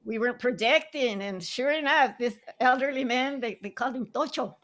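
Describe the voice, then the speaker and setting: On a video call, an older Southern Arizona woman who writes plays and acts shares memories in a chatty, laughing way, slipping into Spanish now and then. Her voice is on the high side and a bit bright.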